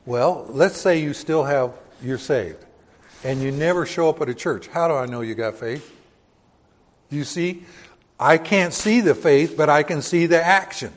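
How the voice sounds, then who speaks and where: A man's voice: fairly high pitch, unhurried. An older man preaching a Bible-teaching sermon in a church, talking conversationally and asking the congregation rhetorical questions. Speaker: pastor.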